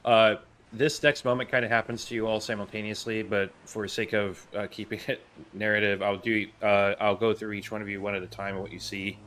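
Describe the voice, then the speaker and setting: Calm low-voiced game master narrating. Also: male voice, brisk, few pauses, slight background noise. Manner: calm, descriptive narration with frequent "uh".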